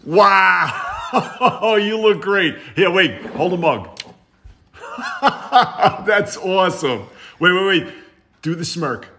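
A middle-aged man from New York playing the exasperated father in comedy skits, protesting loudly and bantering with his son. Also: high-pitched, lively intonation, very slow. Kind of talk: comedic family sketch.

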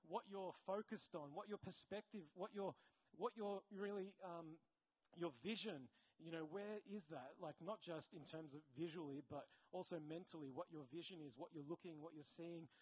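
An Australian man giving a conversational sermon as a preacher, often correcting himself mid-sentence and breaking into animated asides. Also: a little high, normal speed, poor audio.

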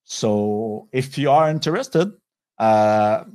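A man with a French accent, a software company executive giving a webinar presentation, talking in a halting way with many pauses and restarts over a video call. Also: lowish voice, expressive, clean tone.

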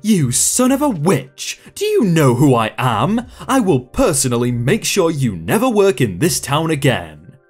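A man voicing an entitled, demanding middle-aged woman shopper in a reddit storytime reading, with lively pitch and soft music behind. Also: unhurried, hardly any pauses, husky, heavily acted. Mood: outraged. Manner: demanding, indignant.

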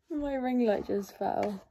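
A young woman rambles to her phone camera from her bedroom, bubbly and chatty. Her voice sits a little high. She speaks, close to a phone propped on a ring light. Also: animated, slow, warm tone. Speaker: vlogger. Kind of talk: casual chat to camera. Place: bedroom at home.

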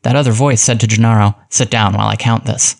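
A man's voice: on the low side, steady tone, quick pace, creaky. A man doing an eager male translator. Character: excitable male immigrant helper translating.

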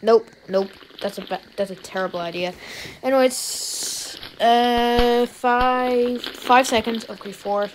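An Irish woman narrates her gameplay into a desk mic, muttering to herself between sudden excited outbursts. Her voice sits a touch high, and she takes her time with her words. Faint noise sits under the recording. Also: slow, low-quality recording. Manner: talks to herself, jumpy excited reactions. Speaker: YouTuber playing a game. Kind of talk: let's-play gameplay commentary.

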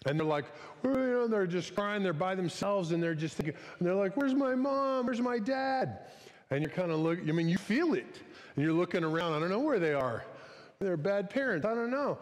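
A man's voice: high voice, expressive, brisk. A man preaching a casual, conversational sermon as a pastor, often acting out short quoted voices. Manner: chatty, conversational, acts out little quoted voices. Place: church sanctuary. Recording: church hall with long reverb.

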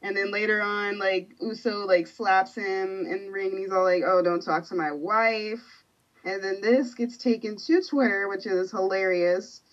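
A woman guest on a podcast recounts stories in a rush, dropping "like" constantly. Her voice sits at a middle pitch. The sound is slightly dull and lo-fi. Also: fairly even intonation. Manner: rapid storytelling with many "like"s. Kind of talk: casual chat.

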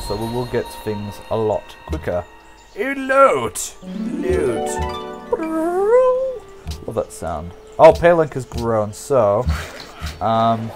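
A man's voice: mid-range voice, a little mellow. A man giving casual, jokey gameplay commentary, rambling and talking straight to his viewers. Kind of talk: casual let's-play commentary.

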